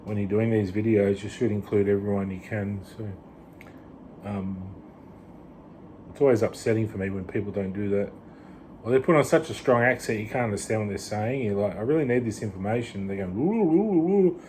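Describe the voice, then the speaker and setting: A man rambles through a casual vlog monologue, restarting his sentences and dropping in "you know". His voice sits low and mellow. Faint background noise runs underneath. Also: fairly even intonation, moderate pace. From Australia. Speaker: vlogger.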